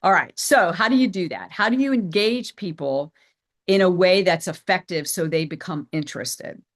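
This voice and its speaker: A middle-aged woman presenting a sales training as a business coach, energetic and emphatic, repeating her key phrases. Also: lowish voice, normal speed. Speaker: business coach and company CEO.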